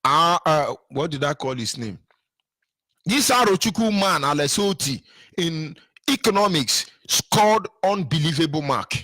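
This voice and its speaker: An older Nigerian man with a husky, bright voice delivers a fiery monologue, swinging widely up and down as he repeats words for emphasis. His tone sits fairly high, and the sound is dry and close. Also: animated, a little slow, dry recording. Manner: repetitive, emphatic, sing-song rises. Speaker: political commentator. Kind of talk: impassioned monologue.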